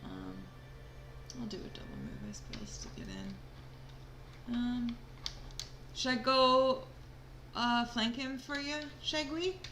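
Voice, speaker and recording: A woman's voice: on the high side, big pitch swings, slow, pauses often, a bit bright. A woman playing a tabletop game, thinking aloud in a hesitant, casual way. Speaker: player. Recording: roomy with background noise.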